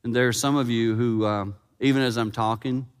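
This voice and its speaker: A man preaching a sermon in a church, animated and emphatic, slowing down for his earnest points. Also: medium pitch, clean tone. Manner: animated, building to loud emphasis, then slow and earnest. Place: church sanctuary. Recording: long reverb in church hall.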